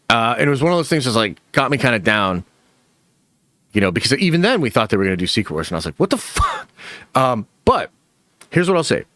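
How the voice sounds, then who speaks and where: Animated, swearing man riffing on movies. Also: medium pitch, dry recording, clean studio sound. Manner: animated, profane, chatty with lots of fillers. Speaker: movie news channel host. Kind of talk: casual opinion commentary.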